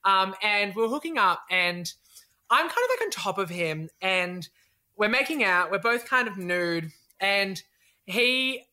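A woman's voice: medium pitch, expressive, a little slow, pushed and bright. A young woman telling a story in casual chat, acting out voices and laughing often. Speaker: podcast co-host.

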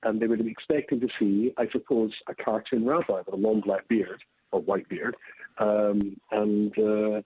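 A Scottish rabbi giving an interview as a guest, telling stories in an animated way and laughing often. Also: male voice, lowish voice, moderate pace, husky, dry recording. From Scotland. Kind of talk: remote interview. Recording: tinny phone-like line.

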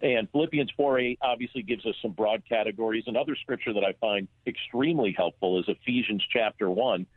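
Husky guy on a phone line, earnest and reflective, dry sound. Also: mid-range voice, no echo. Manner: earnest, reflective, with small restarts. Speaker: author guest. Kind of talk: phone interview.

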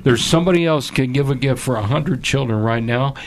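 A man telling an emotional story in halting bursts, then pleading urgently in a fundraising appeal. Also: mid-range voice. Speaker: charity appeal guest.

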